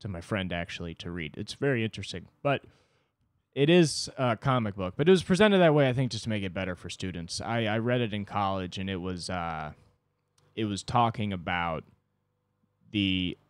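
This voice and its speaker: A man's voice: lowish voice, expressive, moderate pace, smooth, no echo. A man hosting a solo podcast, ranting casually and profanely at a microphone. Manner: casual, profane, rambling rant. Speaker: podcast host. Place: indoors, mowing heard outside.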